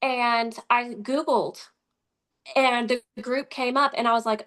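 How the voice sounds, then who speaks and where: Midwestern woman guest, lively conversational storyteller who voices the people she quotes. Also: fairly high pitch, slow. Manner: animated, acts out quoted dialogue. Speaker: interview guest.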